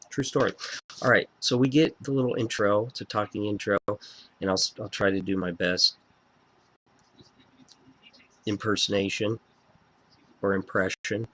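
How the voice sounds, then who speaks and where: Excitable, foul-mouthed male album reviewer. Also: fairly low pitch, moderate pace, pauses often. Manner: excitable, profane and fan-gushing. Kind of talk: casual video review.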